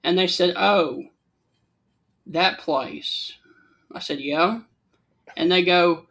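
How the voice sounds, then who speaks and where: This Alabama man co-hosts a casual talk show, telling stories in an easygoing Southern accent. His voice sits high and a bit bright, with vocal fry, a slow pace, and frequent pauses.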